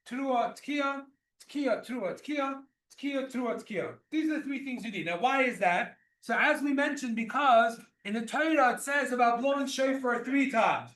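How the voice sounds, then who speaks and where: In an echoey room, far from the microphone, a very high-voiced man teaches a class on religious law. He works through each point patiently, often repeating himself and starting sentences over, and his tone is fairly bright.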